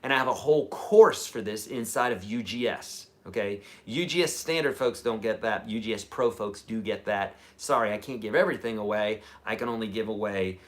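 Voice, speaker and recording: A man teaching a live-streamed guitar lesson, chatty and energetic, with lively jumps in pitch and loudness. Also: brisk, hardly any pauses. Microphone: camera mic.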